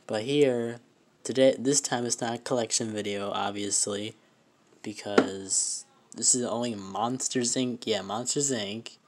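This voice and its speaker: A young man filming a casual toy review vlog on a handheld phone, talking in a halting, rambling way with many fillers and restarts, his voice emotional. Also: fairly low pitch, steady tone, slight background noise. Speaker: vlogger. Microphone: handheld phone camera.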